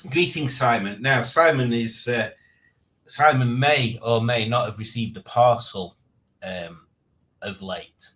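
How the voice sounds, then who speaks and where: A man's voice: mid-range voice, takes it slowly, fairly bright tone. A man in his late forties hosting a casual live stream, rambling and reading out chat with self-mocking asides. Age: 40s.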